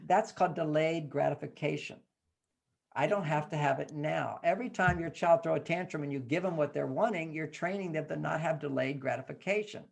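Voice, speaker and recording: A man, a guest in an interview, telling a parenting story in an animated way and acting out the dialogue. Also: on the high side, fairly quick, vocal fry, hardly any pauses. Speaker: guest author.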